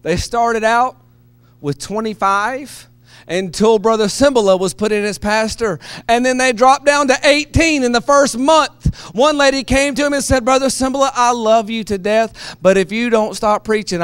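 A man preaching a sermon, moving between quiet, low asides and loud, shouted passages. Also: normal speed, clear, resonant tone, no room sound. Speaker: pastor.

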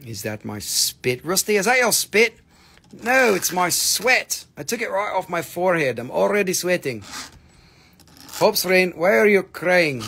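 A slightly high, gravelly male voice. He runs a live-stream gem sale in jokey, excitable patter and teases his viewers.

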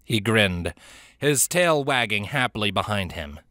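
Low-voiced bright male narrator. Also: animated, unhurried, no room sound, clean studio sound. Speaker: audiobook narrator. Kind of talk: scripted fantasy narration.

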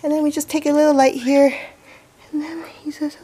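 A woman's voice: high-pitched, little pitch movement, fairly quick, mellow. A woman doing a casual how-to vlog as a pet owner, chatty, coaxing and enthusiastic.

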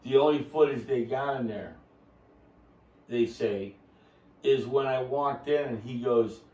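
Man, boisterous, rambling, pitchy storyteller, mid pitch, roomy echo. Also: measured pace, warm tone, recorded from a distance, highs cut off. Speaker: podcast guest telling his story. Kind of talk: casual chat.

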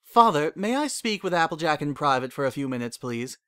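A proud, refined young unicorn mare with a high, prim voice that wavers with nerves, as a man puts her on. The delivery stays dry and close, pitched well above the reader's natural voice. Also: sing-song, brisk, bright, forceful tone, clear, resonant tone, no room sound. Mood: urgent.

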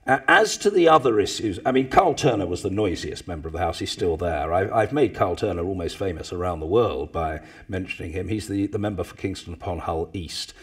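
A man, telling anecdotes to a live audience, with loud mimicking bursts. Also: deep voice, brisk, few pauses, breathy edge. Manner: animated storyteller, mimics others with loud bursts. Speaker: former parliamentary speaker, guest.

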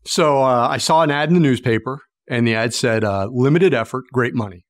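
Animated storytelling man from Pennsylvania. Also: medium pitch, a little fast, no room sound, studio quality. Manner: animated storyteller acting out the people in his story. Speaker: guest, sales expert. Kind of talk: storytelling interview.

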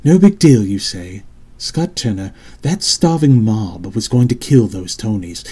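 A man's voice: on the low side, very animated, unhurried, a little mellow, breathy edge, full character voice. A man voicing a worried, insistent middle-aged mother in an audiobook, with pleading, scolding emphasis. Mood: urgent scolding. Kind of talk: audiobook character reading.

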